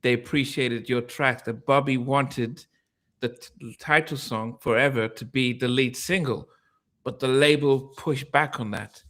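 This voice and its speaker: Male host, middle-pitched voice, halting, rambling questions. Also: fairly even intonation, a bit bright. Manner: hesitant, many ums and restarts, asks meandering questions. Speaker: interview host. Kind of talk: casual interview.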